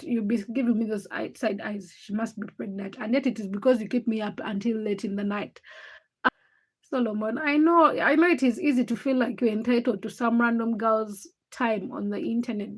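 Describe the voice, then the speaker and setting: A tired young woman hosting a late-night livestream, teasing and chatting with viewers as she reads their comments by name. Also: on the high side. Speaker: livestream host.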